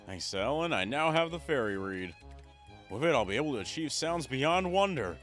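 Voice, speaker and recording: A man's voice: mid-range voice, very animated, a little fast, a bit bright, soft background music. A man reading aloud as a cheerful male musician in a video game, with a chipper, showy delivery.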